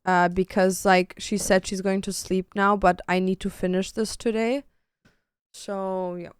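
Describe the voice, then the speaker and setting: A woman's voice: mid-range voice, flat delivery, measured pace, smooth, dry recording, clean studio sound. A young woman streamer chatting casually while she works, with melodramatic, self-pitying complaints. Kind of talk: casual livestream chat while working.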